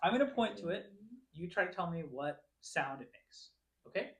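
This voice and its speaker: Brief: male teacher, patient and coaxing, lively pitch, echoey church room. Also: normal speed, a crowd in the background. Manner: patient, coaxing, calls on students. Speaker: Bible class teacher. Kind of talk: classroom teaching. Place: church classroom.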